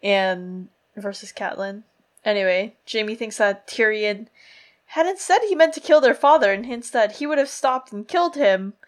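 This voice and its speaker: A woman's voice: mid-range voice, moderate pace. A woman co-hosting a podcast, talking casually and playfully about a book series with many fillers. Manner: chatty, lots of "like", playful. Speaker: podcast co-host.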